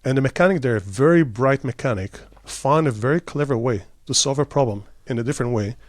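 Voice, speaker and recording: A middle-aged Israeli man, a startup CEO, answering interview questions with lively stories, quick bursts and many fillers. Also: medium pitch, no room sound, studio quality.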